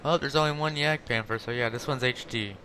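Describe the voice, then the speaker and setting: Rambling gamer man over loud game audio. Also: medium pitch, a little fast, slight background noise. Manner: rambling, self-correcting, chatty. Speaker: gaming channel host. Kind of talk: casual gameplay commentary.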